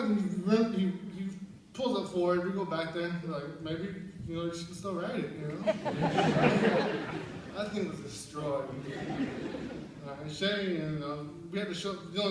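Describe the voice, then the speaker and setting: A young man telling stories at a memorial service, laughing often and acting out what people said. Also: high voice. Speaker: eulogy speaker at a memorial service. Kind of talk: storytelling remembrance. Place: large room at a memorial service. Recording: very echoey hall, far from the mic, background noise.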